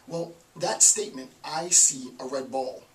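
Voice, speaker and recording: A man's voice: mid-range voice, a little slow. A man lecturing on philosophy in a conversational style, repeating phrases for emphasis. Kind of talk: informal recorded lecture. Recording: echoey room, mic at a distance, faint hiss.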